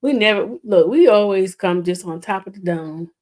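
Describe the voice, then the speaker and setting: A woman's voice: medium pitch, normal speed, a little mellow. A woman co-hosting a podcast with a New York accent touched by Southern speech, laid-back with wry comebacks. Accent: New York with some Southern. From New York and Alabama. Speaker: podcast co-host. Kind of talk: casual chat.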